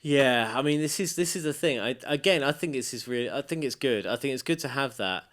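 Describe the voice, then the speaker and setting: A man's voice: mid-range voice, expressive, brisk, fairly bright tone. A man co-hosting an audiobook review podcast, chatting casually in a rambling, enthusiastic way. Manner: rambling, enthusiastic, many restarts. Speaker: podcast co-host. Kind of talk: casual chat.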